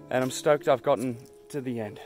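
With a medium-pitched, slightly mellow voice, a young man vlogs by himself on a mountain trail through a handheld phone or action camera. He's drained and in pain, and his casual video diary is full of tired sighs.

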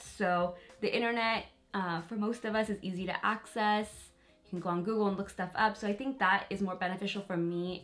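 A woman's voice: medium pitch, a bit bright. Woman beauty vlogger, chatty and candid, mid-range voice, talking to camera during a makeup routine. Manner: chatty and candid, with small laughs and fillers; talks to viewers directly while applying makeup. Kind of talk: casual get-ready-with-me chat.

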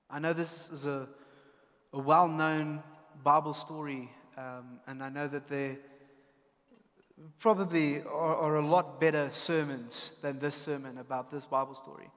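A man's voice: a little high, in a large hall. A South African man preaching a sermon as a pastor, speaking in an earnest, personal and candid way. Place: church.

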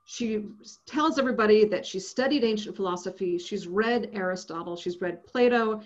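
A woman giving an academic lecture, lively and often checking in with her listeners. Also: mid-range voice, moderate pace, highs cut off. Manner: lively, checks in with frequent "right?".

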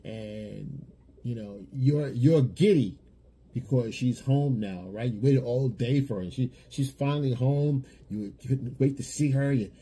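A man's voice: mid-range voice, measured pace, dark tone, slight background noise. A man giving blunt dating advice in a lecturing monologue, often repeating himself. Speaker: dating coach.

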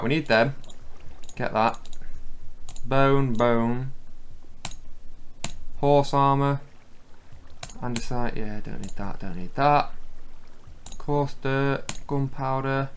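A man's voice: medium pitch, takes it slowly, long pauses, slight background noise. A man giving casual, chatty gameplay commentary, thinking aloud as he plays. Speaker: gaming channel host.

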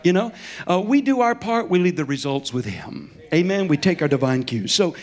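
A man's voice: high voice, sing-song, moderate pace, a little mellow. A middle-aged man preaching as a guest in a church, telling stories in a folksy, chuckling way. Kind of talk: storytelling sermon. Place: church sanctuary.

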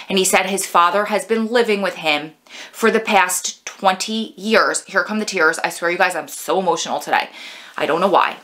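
A woman giving a casual, heartfelt film review in a chatty, expressive way. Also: on the low side, moderate pace. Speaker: movie reviewer vlogger.

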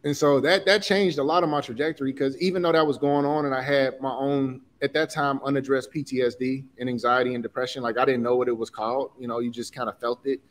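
A man's voice: medium pitch, steady tone, fast talker, few pauses, a little hiss or hum. A man in his forties from Chicago, telling personal stories in an interview with earnest feeling and casual slang. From Chicago, USA. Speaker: guest, designer and entrepreneur. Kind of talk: candid interview talk.

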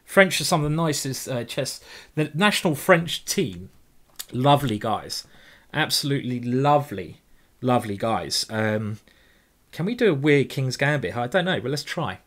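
An English man with a voice of ordinary middle pitch talks through his moves as he plays, in the easy flow of live commentary. He jokes as he goes and lets the occasional swear slip out. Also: lively intonation, normal speed, a bit bright. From England. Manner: chatty, jokey, thinks aloud over moves, swears casually. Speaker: chess grandmaster streamer.

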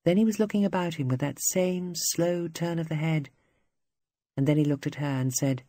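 An audiobook narrator reading literary fiction in a measured, even storytelling manner. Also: medium pitch, dry recording. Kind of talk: scripted narration.

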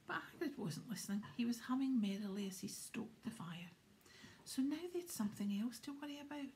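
A woman reading a children's novel aloud in a soft, steady whisper. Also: on the high side, a little fast, slight background noise. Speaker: audiobook narrator.

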